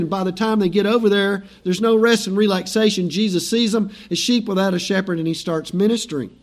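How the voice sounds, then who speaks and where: A middle-aged male pastor preaching a sermon in a conversational, storytelling way, acting out the lines of biblical figures. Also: high-pitched.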